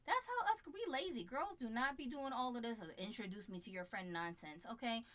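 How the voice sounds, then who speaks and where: A woman co-hosting a casual live chat, animated and quick to act out other people's voices. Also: a little high. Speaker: co-host.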